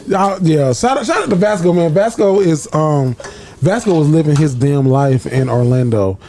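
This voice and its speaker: A man hosting a casual podcast chat, joking loudly and animatedly with friends. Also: on the high side, lively intonation, moderate pace, a crowd in the background. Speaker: podcast host.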